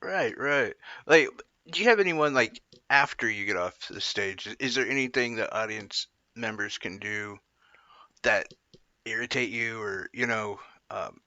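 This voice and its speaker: A man's voice: fairly low pitch, a little slow, sharp tone, dry recording. A man hosting a casual interview, asking rambling questions and laughing easily. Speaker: interviewer host. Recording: dull, dry lo-fi recording.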